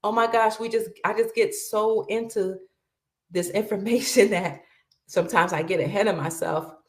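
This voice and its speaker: A woman's voice: medium pitch, normal speed, reverberant. A middle-aged woman hosting casual news commentary, chatty, addressing her viewers as family and reading lists aloud. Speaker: host.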